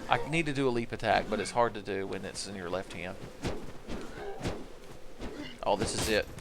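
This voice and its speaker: A man streaming a video game, joking, swearing and shouting out bursts of excitement as he plays. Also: fairly low pitch, normal speed, background noise. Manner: joking, profane, excitable outbursts. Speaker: livestreamer playing a video game. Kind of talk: casual gameplay commentary.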